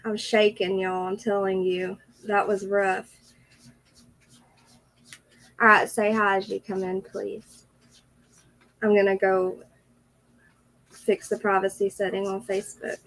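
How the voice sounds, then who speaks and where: A woman's voice: mid-range voice, flat delivery, slow, pauses often, fairly bright tone, low-quality recording. A woman hosting a casual livestream, teary with a runny nose, greeting her viewers one by one. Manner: greets viewers by name, chatty. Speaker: livestream host.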